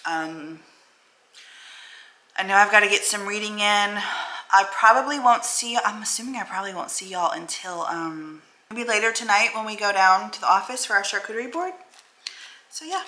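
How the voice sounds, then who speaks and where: Bright, blunt woman vlogger in an echoey room. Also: medium pitch, expressive, moderate pace. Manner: emotional, blunt and self-affirming, cusses freely. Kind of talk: candid talking-to-camera vlog.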